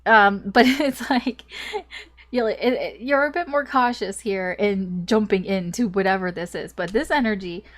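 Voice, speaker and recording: A young woman talks through a tarot reading in a loose, rambling way. She fills her talk with "like" and soft little laughs, and she sounds a little choked up, stopping to cough now and then. Her voice sits at an ordinary middle pitch. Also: normal speed. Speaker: tarot reader. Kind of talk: casual tarot reading to camera.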